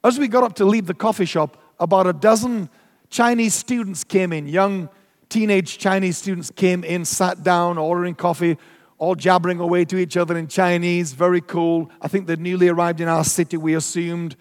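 A man preaching a storytelling sermon, animated and emphatic, acting out his own reactions. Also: sits high, moderate pace, in a large hall.

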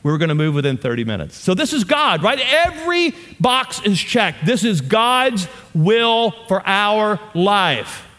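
A middle-aged Louisiana pastor preaches a sermon in a church auditorium, mixing humorous stories with playful asides to the audience, and the large hall gives a long reverb. His voice is high, a bit bright, and very animated, with a measured pace and few pauses.

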